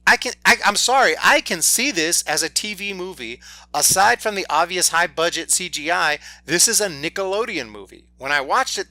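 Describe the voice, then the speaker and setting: A man's voice: on the high side, dry recording. Exasperated man ranting in a film review. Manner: exasperated, nitpicking, animated complaining. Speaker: movie reviewer. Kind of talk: opinionated film review rant.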